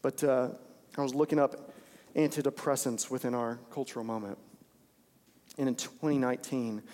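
A man's voice: mid-range voice, mellow. A man preaching an informal, conversational sermon, repeating phrases for emphasis. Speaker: pastor. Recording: long hall reverb.

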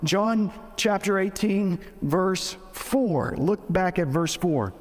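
A man's voice: sits high, slow pace, long reverb tail. A man preaching a sermon in a casual, joking way, often restarting his sentences. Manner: conversational, joking, with frequent restarts. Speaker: pastor.

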